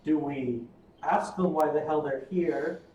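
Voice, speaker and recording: A man's voice: fairly high pitch, unhurried, mellow, distant mic, muffled recording. A man playing a tabletop game, asking many questions, stammering and laughing. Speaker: player. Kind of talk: casual tabletop game chat. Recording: echoey, off-mic, faint hum.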